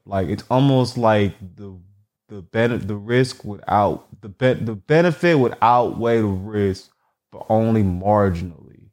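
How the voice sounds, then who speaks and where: Slow-talking joking man. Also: mid-range voice. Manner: profane, joking, reads search results aloud haltingly. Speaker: vlogger. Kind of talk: casual solo commentary.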